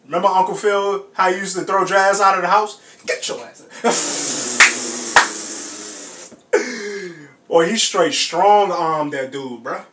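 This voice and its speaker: A high-voiced man hosts a sports reaction video, chatting in loose slang and bursting into shouts and laughter. He sits some distance from the mic in a roomy, echoing space. A faint hiss runs underneath. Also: a little slow. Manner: animated, laughing often, slangy exclamations. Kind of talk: casual reaction commentary.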